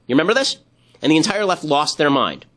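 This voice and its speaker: A man hosting political commentary, talking with sarcasm and quick mocking asides. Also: fairly high pitch, sing-song, a bit bright. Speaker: commentary host.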